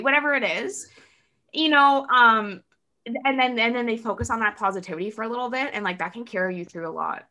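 A woman chatting as a podcast guest, talking in a loose, fast way with many "like" fillers and acting out quotes in lively voices. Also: fairly high pitch. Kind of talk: casual podcast conversation.

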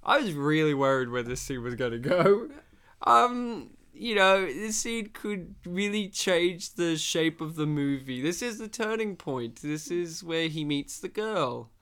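A man's voice: fairly high pitch, expressive, a little slow, a bit bright, smooth. A man hosting a casual film discussion, rambling and playful and teasing his co-hosts.

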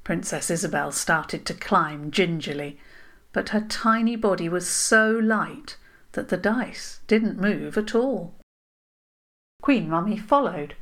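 Slow gentle woman storyteller. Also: fairly low pitch. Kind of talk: children's story narration.

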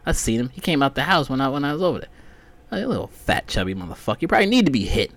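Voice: medium pitch, big pitch swings, rapid-fire, a bit bright. A vlogger telling a story in a casual, rambling rant full of cursing. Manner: profane, rambling.

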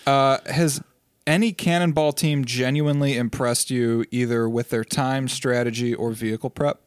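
A man of middle pitch reads listener questions on a podcast in a brief, plain way. The sound is dry. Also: steady tone, normal speed, smooth, no echo.

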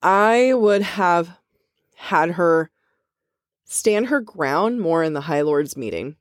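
A woman's voice: on the low side, expressive, slow, no room sound, studio quality. A woman co-hosting a podcast, tipsy, chatting casually and laughing a lot as she rambles. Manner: giggly, laughs often, rambling. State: drunk. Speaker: podcast co-host.

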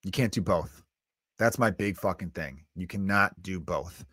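A man's voice: low-pitched, unhurried, bright, forceful tone, slightly rough, dry recording. Guy in his 30s ranting on his podcast, swears a ton, blunt, dry close mic. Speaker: podcast host. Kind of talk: solo comedic podcast rant.

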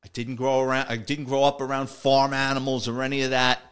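Animated New York man telling a story. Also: medium pitch, fairly quick, clean tone. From the Bronx, New York. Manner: animated, swearing, acts out dialogue. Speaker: retired detective telling stories. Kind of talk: casual storytelling.

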